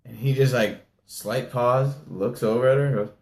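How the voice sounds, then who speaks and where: A man's voice: mid-range voice, moderate pace, reverberant. A man co-hosting a casual sports talk show, telling stories with energy and laughing at them. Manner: animated storyteller, laughs at his own story. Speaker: podcast co-host.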